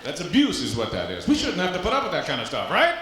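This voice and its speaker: Animated stand-up man in an echoey club. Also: fairly high pitch, fast, slight background noise. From Louisiana. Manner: animated, punchy delivery with vocal sound effects. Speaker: stand-up comedian. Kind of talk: live stand-up comedy. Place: comedy club stage. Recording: echoey live club recording. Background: audience laughter.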